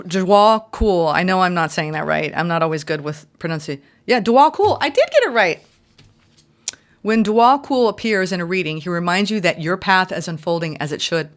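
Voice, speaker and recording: Heartfelt woman giving a tarot reading. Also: low-pitched. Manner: heartfelt, spiritual, reads card meanings aloud; emotional and effusive. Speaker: tarot reader.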